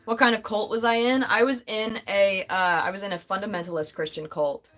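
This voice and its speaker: A woman's voice: medium pitch, steady tone, fairly quick, a bit bright. Young adult woman, livestream host, casual and chatty with frequent laughter, reads chat aloud.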